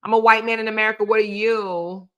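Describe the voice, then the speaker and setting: A woman's voice: mid-range voice, fairly even intonation, quick pace, fairly bright tone, smooth, lo-fi sound, natural voice. A woman mimicking an arrogant, boastful man who taunts and talks down to people. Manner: bragging, taunting, mocking.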